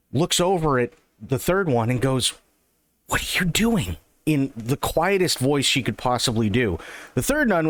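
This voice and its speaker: A man streaming a game live, telling a joke in a quick, animated way. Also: medium pitch, dry recording.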